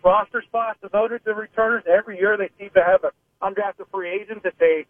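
Fast and high-pitched yet fairly even in intonation, this male voice has no echo and reaches the listener through a phone on a narrow line. The Pittsburgh sports reporter calls into radio with analysis, rambling hesitantly and restarting his sentences often.

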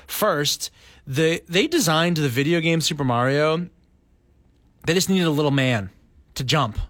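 Animated Canadian man on a podcast. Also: a little slow, no room sound. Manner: animated, jokey, jumps into silly high voices. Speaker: podcast co-host. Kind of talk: casual podcast chat.

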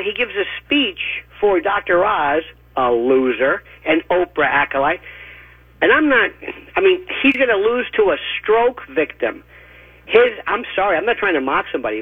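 A man giving emphatic, rapid-fire opinionated commentary as a radio guest, with a husky voice and mocking asides, heard over a phone line. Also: high voice, dry recording. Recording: tinny dry phone line.

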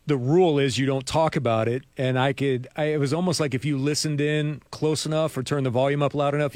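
A sports talk show co-host speaks in a mid-range voice, captured as a dry recording in a radio studio. He keeps the conversation casual, wandering into asides and laughing frequently.

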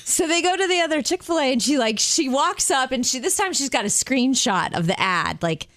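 A woman co-hosting a radio show, telling a story with lively delivery and frequent laughs. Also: sits high, fairly quick, no echo, studio quality. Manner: animated storyteller, laughs often. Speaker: radio co-host. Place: radio studio.

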